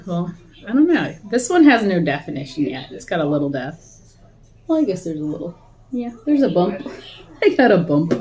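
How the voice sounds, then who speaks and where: A young adult woman vlogging casually while eating, rambling and chatty, often laughing. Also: medium pitch.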